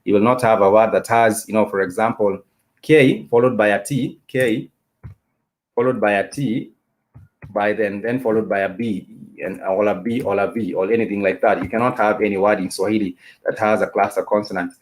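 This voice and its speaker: Man, low-pitched voice, live-stream language teacher, patient, repetitive, lots of fillers, spells words out. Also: steady tone. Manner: repetitive, explanatory, many "uh" and "you know" fillers; spells out letters and repeats words slowly. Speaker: Swahili teacher.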